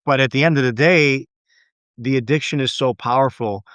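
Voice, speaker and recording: Podcast host, man, mid-pitched, smooth voice, earnest and reflective, dry sound. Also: moderate pace, fairly bright tone, no room sound. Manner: earnest, reflective, repeats words as he thinks. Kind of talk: conversational interview.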